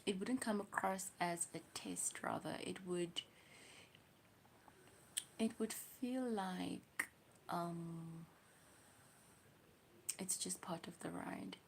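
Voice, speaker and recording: South African woman host, young, slow musing livestream chat, slips into whispers, faint room hum. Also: on the low side, fairly even intonation, creaky. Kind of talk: casual livestream chat reading comments.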